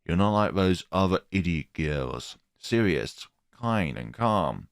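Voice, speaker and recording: A man voicing a creepy, obsessive male schoolteacher who speaks in a low, slow, menacing croon. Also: big pitch swings, creaky, no room sound, studio quality, exaggerated voice. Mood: creepy adoring.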